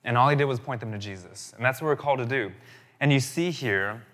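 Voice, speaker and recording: A man's voice: medium pitch, quick pace, fairly bright tone, in a large hall. A man in his thirties preaching a sermon as pastor, telling stories in a casual, conversational way and often asking "right?". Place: church.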